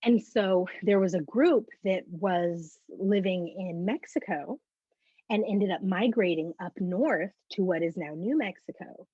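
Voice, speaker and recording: A woman guest giving a personal faith testimony as an animated storyteller who acts out the conversations she recounts. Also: medium pitch, measured pace, slightly rough, no echo. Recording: muffled lo-fi dry recording.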